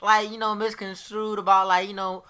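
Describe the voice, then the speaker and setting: Male podcast guest, bright tone; relaxed slangy banter, quick to laugh. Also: sits high, smooth. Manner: laid-back, says bro a lot, laughs easily. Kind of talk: casual podcast chat.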